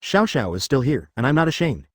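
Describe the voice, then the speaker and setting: A man's voice: mid-range voice, sing-song, brisk, breathy edge, no echo, studio quality. A man reading a playful young wife and mother. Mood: curious, playful. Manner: curious, playful.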